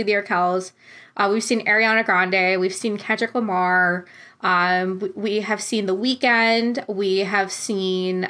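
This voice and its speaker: A young woman from Canada chats through a personal story in a casual vlog. She sounds heartfelt and talkative, with many ums and likes. Her voice sits at a mid pitch. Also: bright, forceful tone. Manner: heartfelt, chatty, many fillers. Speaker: vlogger.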